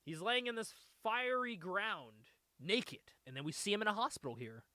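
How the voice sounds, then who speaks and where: High, lively man chatting about comics. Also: moderate pace, no room sound. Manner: animated, laughs often, swears freely. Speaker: podcast host. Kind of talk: casual comic book chat.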